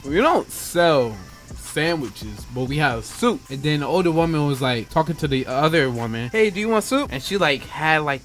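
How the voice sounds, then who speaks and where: A young man hosting a podcast, casually telling a story in slangy talk and acting out the voices of the people in it. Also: a little high. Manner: animated, acts out customers' voices in quotes; slangy, addresses listeners directly. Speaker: podcast host.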